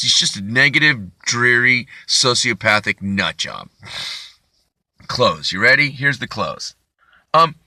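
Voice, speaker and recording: Bright-voiced man ranting profanely. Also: mid-range voice, no room sound, studio quality. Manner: rambling, profane, indignant. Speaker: comedian. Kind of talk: profane comedic rant.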